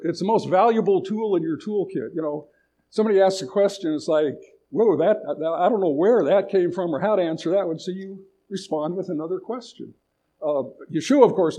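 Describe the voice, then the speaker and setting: A man's voice: a little high, warm tone. A man giving a sermon at a retreat, retelling a story in a conversational way with frequent restarts. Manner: conversational, restarts phrases, paraphrases a story aloud. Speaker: retreat speaker.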